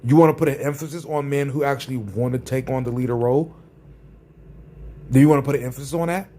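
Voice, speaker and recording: A man's voice: medium pitch, quick pace, warm tone. A man ranting in a vlog, sarcastic and combative, often repeating his phrases for emphasis. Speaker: vlogger. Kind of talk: ranting commentary.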